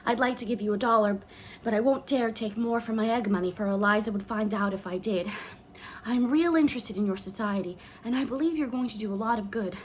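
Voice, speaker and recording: A woman's voice: fairly high pitch, brisk, a little hiss or hum, close to an everyday voice. A woman reading an audiobook, voicing a plump, cheerful older woman who is a timid optimist. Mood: hopeful. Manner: bright, hopeful.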